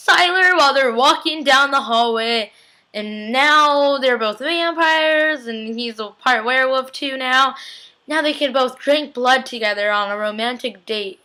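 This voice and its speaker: A young woman recapping a TV episode in a casual, excitable, chatty way, full of "like" and acted-out reactions. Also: high-pitched, moderate pace.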